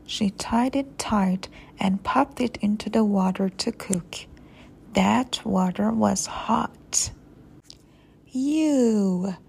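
A woman's voice: mid-range voice, fairly even intonation, slow pace, creaky, darkish tone, a little hiss or hum. A woman reading a children's story aloud expressively, with playful sound words.

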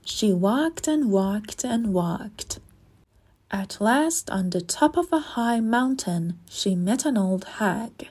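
A woman narrating a children's storybook in a gentle read-aloud manner. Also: medium pitch, animated, slow, breathy edge.

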